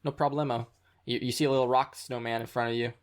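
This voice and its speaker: A man running a tabletop game as game master, relaxed and encouraging with the players. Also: medium pitch, quick pace, smooth.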